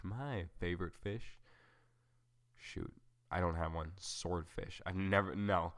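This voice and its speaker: With a deep, steady voice that's slow and a bit bright, a young man hosts his solo podcast. He drifts casually through tangents, uses lots of fillers, and makes jokes at his own expense.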